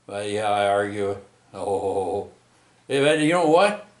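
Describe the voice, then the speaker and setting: A middle-aged man tells a rambling story in a low voice, stopping and restarting his sentences and tacking "eh?" onto them. The voice carries a roomy echo. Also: lively intonation. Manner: rambling, halting, many restarts and tag questions. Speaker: vlogger telling a personal story.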